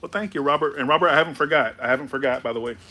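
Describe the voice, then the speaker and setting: A man's voice: mid-range voice, very fast, bright, forceful tone. A tipsy man doing a loose, rambling, playful tarot reading. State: tipsy from alcohol. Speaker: tarot reader.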